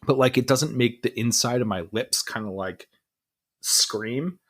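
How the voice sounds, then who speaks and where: A man's voice: medium pitch, unhurried. A young man co-hosting a podcast, chatting casually and rambling with plenty of fillers. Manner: relaxed, rambling, lots of fillers. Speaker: podcast co-host. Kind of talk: casual chat.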